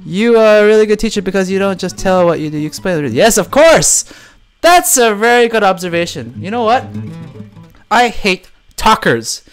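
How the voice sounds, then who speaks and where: A man's voice: sits high, moderate pace, smooth. A young man from Chicago hosting a casual live stream, talking emphatically and asking rhetorical questions as he reads out viewer comments. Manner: lively, emphatic, rhetorical questions, reads chat names aloud. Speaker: live-stream host, guitarist. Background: soft guitar playing.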